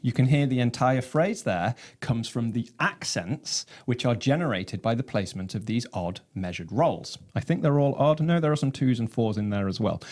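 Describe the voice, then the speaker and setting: A man teaching about his own snare drum composition, explaining rhythms in a measured way and counting them aloud. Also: medium pitch, darkish tone. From England.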